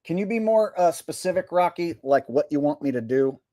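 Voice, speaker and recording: A man's voice: a little high, animated, a little fast, mellow, dry recording, clean studio sound. A man hosting a livestream, reading viewer messages in a sarcastic, rambling way with stammers. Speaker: livestream host.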